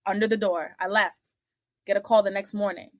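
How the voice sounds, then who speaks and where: Animated woman telling stories, dry sound. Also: medium pitch, a little fast, no room sound. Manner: animated, acts out the other people in her stories; blunt, salty asides. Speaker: interview guest. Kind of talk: casual storytelling interview.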